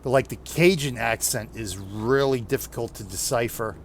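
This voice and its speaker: A man with a New Jersey accent chatting casually with his audience while driving in a truck game, rambling with halting restarts. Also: medium pitch, gravelly, slight background noise. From New Jersey, USA. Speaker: streamer playing a truck game. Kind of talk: casual chat while gaming.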